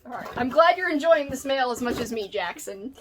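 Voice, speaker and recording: A bubbly woman vlogging from home, her voice a little high and full of excitement as she shows off new books. She keeps it casual and chatty, and often turns aside to talk to her dog. The sound comes straight from the camera's mic. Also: brisk, a little hiss or hum. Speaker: book vlogger. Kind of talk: casual unboxing chat to camera.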